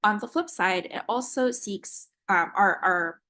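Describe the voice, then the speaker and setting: A woman developer giving a prepared demo presentation, measured and with frequent ums. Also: mid-range voice, pushed and bright.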